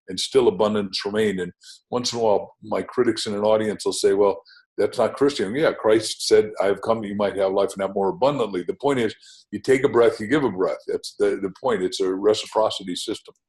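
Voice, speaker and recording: In a roughly recorded podcast interview, an older male author appears as a guest. His voice is fairly low and darkish, and he tells stories enthusiastically, full of rambling asides and name-dropping.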